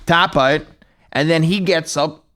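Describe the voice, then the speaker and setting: Man, podcast host, crude self-mocking storyteller, high voice. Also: a little slow, a bit bright. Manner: crude, self-mocking, laughs through stories. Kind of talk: comic storytelling.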